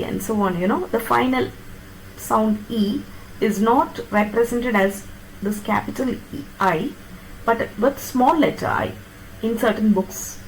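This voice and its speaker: A woman lecturing on phonetics, explaining step by step and checking that her students follow with quick tag questions. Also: a little high, a little hiss or hum, rough recording. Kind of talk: classroom lecture on pronunciation.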